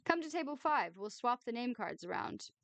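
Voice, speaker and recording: A woman's voice: on the high side, sing-song, normal speed, fairly bright tone, dry recording, pitched above the performer's own voice. A woman doing a playful, coaxing young man. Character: charming, easygoing young man.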